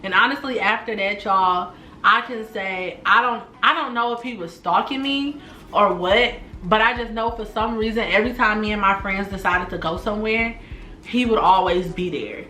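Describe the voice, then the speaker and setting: Bright-voiced woman telling a storytime. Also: mid-range voice, moderate pace, a little hiss or hum. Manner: animated, slangy, talks straight to viewers. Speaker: storytime YouTuber. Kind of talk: casual storytime vlog. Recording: echoey room.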